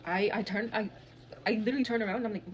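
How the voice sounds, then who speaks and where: A woman tells a personal story at a rapid clip. She is blunt and dramatic, and she curses constantly. Faint background noise sits under her voice. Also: medium pitch, fairly even intonation, dull audio. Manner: heavy cursing, blunt and dramatic retelling. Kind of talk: casual storytime monologue.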